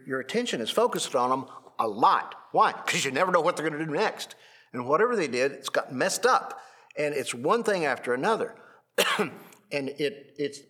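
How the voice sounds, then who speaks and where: A man's voice: medium pitch, sharp tone, husky. A man leading a Bible class, teaching animatedly with many restarts and repeats.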